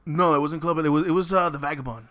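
A man's voice: a little high, quick pace, fairly bright tone. A young man from Florida co-hosting a podcast, telling a crude drunken story with constant swearing and laughter. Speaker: podcast co-host. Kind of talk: crude casual banter and storytelling. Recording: noisy podcast recording.

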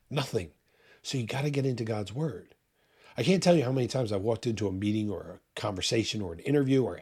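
A middle-aged man preaching a sermon with emphasis, his pace swinging from quick to slow. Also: medium pitch, darkish tone, slightly rough. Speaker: pastor.

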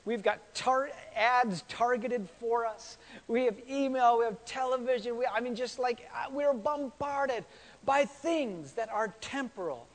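Male pastor, high voice, chatty sermon delivery with repeated words and questions, reverberant church sound. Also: a little slow. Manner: conversational, repeats words, asks the congregation questions.

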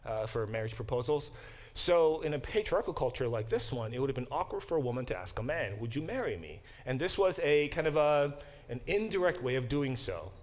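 Animated man teaching a Bible class. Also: medium pitch, brisk. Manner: animated, acts out quoted speech; conversational with restarts.

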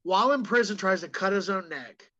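Brief: man, comedian podcast guest, animated storyteller, sharp bright tone. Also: high-pitched, muffled recording. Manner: animated storyteller, breaks into quick impressions. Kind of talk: casual podcast chat.

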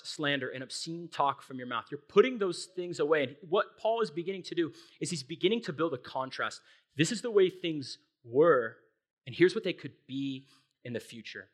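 A young adult man preaching a sermon in a conversational, animated way, often checking in with his listeners. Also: fairly high pitch. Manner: conversational, animated, frequent tag questions. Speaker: pastor.

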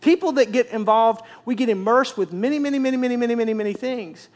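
A man pastor preaching a sermon, telling the story in an animated way with repetitive, emphatic phrasing. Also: very high voice, fast talker.

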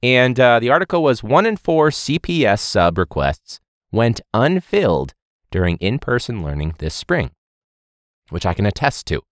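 A man hosts a casual podcast and rants with sarcasm, laughing and swearing mid-thought. His pitch swings widely from low mutters to high outbursts. The recording is dry and close-miked with no room sound. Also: big pitch swings, normal speed, no echo. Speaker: teacher and podcast host.

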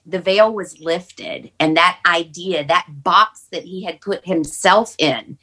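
A woman's voice: on the low side, a little slow, few pauses, pushed and bright. A woman guest on a panel podcast, telling a personal story in an earnest, reflective way.

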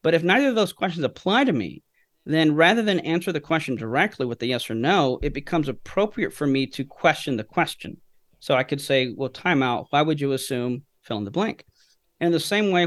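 Man, podcast guest, middle pitch, storytelling, rhetorical questions, teaching tone. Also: dry recording, clean studio sound. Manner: teaching through anecdotes, asks himself questions. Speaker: guest speaker.

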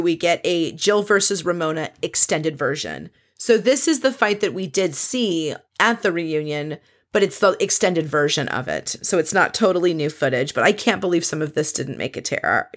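A chatty woman with a slightly low voice talks through a reality show recap. She is animated and swears freely, and she acts out the lines other people said as she goes. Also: normal speed.

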